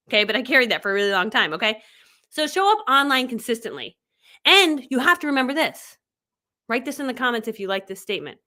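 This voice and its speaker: A woman's voice: on the high side, lively intonation, a little fast, sharp tone. A woman in her forties giving a chatty, enthusiastic coaching talk on a livestream. She laughs often and acts out quotes. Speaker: online business coach. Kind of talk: live-streamed coaching talk.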